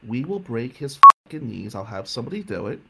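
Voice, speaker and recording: A man voicing a tough, protective middle-aged aunt who makes profane threats in a low, menacing way. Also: sing-song, fairly quick, creaky, heavy background noise, heavily acted. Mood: cold menace.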